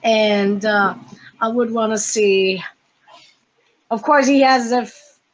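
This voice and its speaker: Woman podcast host, casual and halting, voice a little high. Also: low-quality recording. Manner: halting, many fillers and restarts. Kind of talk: casual fan podcast chat.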